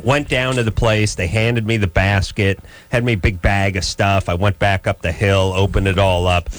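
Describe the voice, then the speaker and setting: A man's voice: fairly low pitch, steady tone, normal speed. A middle-aged man co-hosting a call-in radio show, ranting sarcastically and telling comic stories. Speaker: radio co-host.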